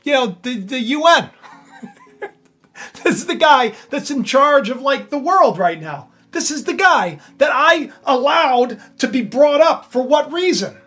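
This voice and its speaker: A woman voicing an angry ancient king, blustery and incredulous, shouting in bursts. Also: high voice, lively intonation, a little slow, slightly rough, soft background music, pitched above the performer's own voice, heavily acted. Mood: indignant. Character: angry ancient king, middle-aged man, hot-tempered.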